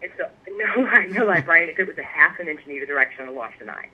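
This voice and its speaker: Animated woman storyteller over the phone. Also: sits low, fast talker, husky. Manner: animated storyteller, laughs often. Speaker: guest, pipe maker. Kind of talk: casual interview chat. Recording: tinny phone line.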